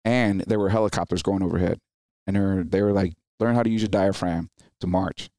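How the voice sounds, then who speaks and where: Deep-voiced man telling service stories. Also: brisk, no echo, clean studio sound. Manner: animated, acts out quoted people in raised voices. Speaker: podcast guest, Marine veteran. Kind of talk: casual interview storytelling.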